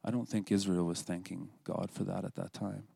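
A man's voice: low-pitched, flat delivery, brisk, gravelly, warm tone, breathy edge, dry recording. A man giving an earnest, scripted devotional talk at a church service, sometimes dropping to a whisper for prayers. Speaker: lay speaker at a church service.

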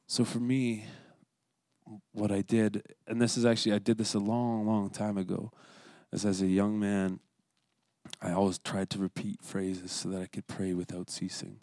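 A man's voice: on the low side, level tone, moderate pace, darkish tone, no echo. A man giving an earnest, scripted devotional talk at a church service, sometimes dropping to a whisper for prayers. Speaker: lay speaker at a church service.

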